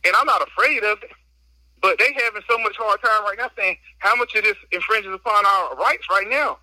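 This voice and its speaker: A man guesting on a casual podcast talks through his phone while out on a walk outdoors, slightly out of breath. His voice is high, sharp and a little fast, and he vents emphatically in slang. There's no echo, and the audio is poor.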